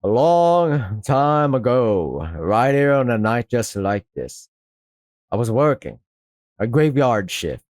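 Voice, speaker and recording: A man voicing a gruff, fatherly middle-aged male rooster who smokes with a rough, teasing drawl. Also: mid-range voice, big pitch swings, slow, darkish tone, no room sound, clean studio sound. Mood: storytelling. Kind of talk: voiced visual novel reading.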